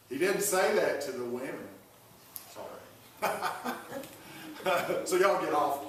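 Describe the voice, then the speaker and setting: A pastor preaching a sermon, folksy and joking with the congregation. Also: male voice, mid-range voice, slight background noise. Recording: echoey room, voice from far off.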